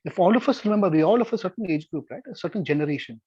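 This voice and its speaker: A man's voice: high voice, expressive, rapid-fire, a little mellow, slightly rough, no room sound. A middle-aged man giving an earnest scripture lesson as a Torah teacher, repeating key words for emphasis. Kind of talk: devotional Bible teaching. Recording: dull lo-fi recording.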